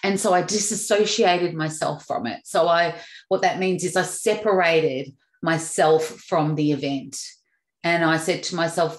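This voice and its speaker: A woman's voice: lowish voice, a little slow. A woman hosting a motivational talk, upbeat and acting out everyday examples. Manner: upbeat, acts out examples with animated shifts. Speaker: podcast host. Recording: echoey room.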